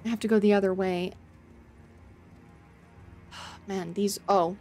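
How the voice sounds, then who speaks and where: A woman streaming a game, chatting to her viewers in a flustered, self-mocking way, with loud panicked outbursts and casual swearing. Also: medium pitch, fairly even intonation, slow. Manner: swears casually, talks to chat. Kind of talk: casual gameplay commentary. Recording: faint game music behind.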